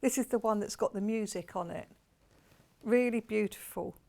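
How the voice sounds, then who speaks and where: A woman's voice: mid-range voice, normal speed, gravelly, darkish tone. A woman presenting on a shopping channel, chatty and enthusiastic, gushing about each fabric. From United Kingdom. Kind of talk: live TV sales presentation.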